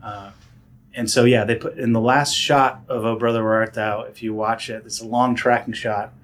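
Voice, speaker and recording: A man telling stories in a casual interview, animated and full of fillers and restarts, often acting out other people's voices. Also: mid-range voice, moderate pace. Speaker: guest, director and actor.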